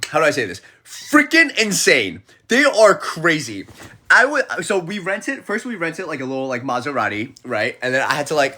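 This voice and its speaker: Lively young man on a phone livestream. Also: a little high. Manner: animated storyteller who acts out the people he quotes. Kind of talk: casual livestream chat.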